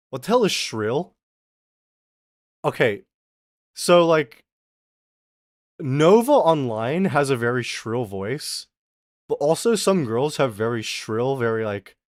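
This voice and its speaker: A man's voice: medium pitch, dry recording, clean studio sound. A man chatting casually on a live stream, rambling playfully and talking to his chat.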